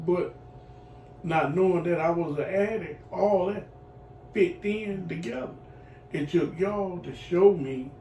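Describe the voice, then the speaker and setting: A middle-aged man giving heartfelt personal testimony as a client in a recovery program, earthy and animated, acting out voices as he tells his story. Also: on the high side. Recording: echoey room, voice from far off, faint noise.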